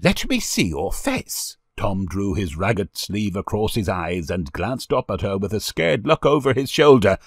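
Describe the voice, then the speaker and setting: A man narrating an old storybook in an expressive, lively way. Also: on the low side, normal speed, hardly any pauses, breathy edge, no echo, studio quality. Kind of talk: storybook reading.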